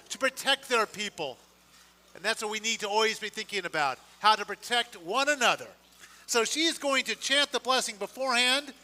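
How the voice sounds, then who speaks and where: A man leading a synagogue congregation, energetic and joking as he rallies them to shout along. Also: extremely high pitch, long reverb tail. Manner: energetic, joking, rallying the crowd. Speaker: service leader. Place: synagogue sanctuary.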